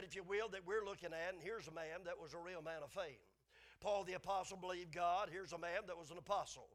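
Male preacher, high-pitched, emphatic sermon delivery with big swings between hushed and loud. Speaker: preacher teaching a Bible lesson.

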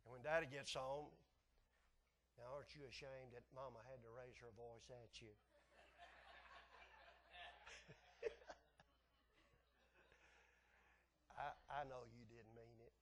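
A man preaching a folksy sermon, chuckling at his own stories and swinging from soft asides to hollering. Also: mid-range voice, very slow, pauses often, slight background noise.

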